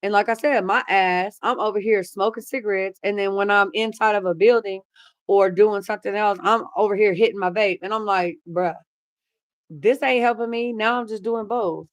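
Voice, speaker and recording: A woman's voice: medium pitch, fairly even intonation, moderate pace, dry recording. Blunt, chatty woman livestreaming. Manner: blunt, swears freely, chatty. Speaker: livestream host reading chat. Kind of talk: casual livestream chat.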